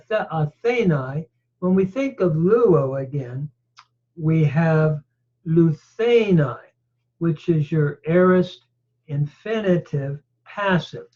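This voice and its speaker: A man teaching a Greek grammar lecture on scripture. He goes through the text word by word in a methodical way and often pauses to hesitate. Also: on the high side. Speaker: Bible teacher. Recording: dull lo-fi recording.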